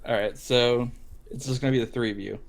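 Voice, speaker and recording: A man's voice: medium pitch, fairly even intonation, fairly quick, gravelly. A man narrating a tabletop game as game master, rambling with many fillers.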